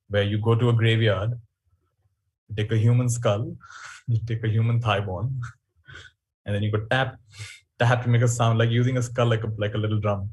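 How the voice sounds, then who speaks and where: Husky male speaker leading a webinar, storytelling, animated and reflective. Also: fairly low pitch. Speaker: workshop speaker. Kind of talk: webinar talk.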